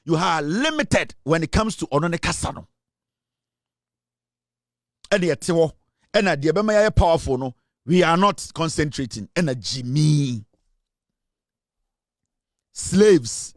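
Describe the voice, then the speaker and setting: A man with a Ghanaian accent and a slightly high, animated voice hosts a commentary show at normal speed, preaching passionately in a mix of English and Twi and repeating lines for emphasis. The studio sound is clean, with no echo.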